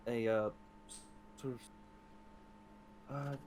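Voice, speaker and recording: A man's voice: medium pitch, fairly even intonation, drawn-out words, a little mellow, a little hiss or hum. A man playing a tabletop role-playing game, thinking aloud with plenty of hesitations. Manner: hesitant, many fillers when narrating his character. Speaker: player. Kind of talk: casual tabletop game chat.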